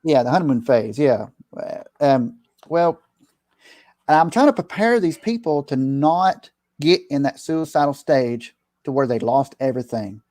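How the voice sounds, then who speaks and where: A man's voice: mid-range voice, animated, measured pace, darkish tone, dry recording. A middle-aged man, a preacher, talking earnestly in casual conversation, rambling with restarts and slipping into preachy advice.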